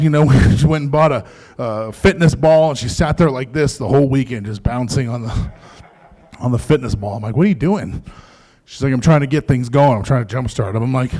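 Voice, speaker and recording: A man's voice: medium pitch, a little mellow. A man doing a stand-up comedy set in a comedy club, talking in a loose, profane, conversational way. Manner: profane, conversational, mocking quoted voices.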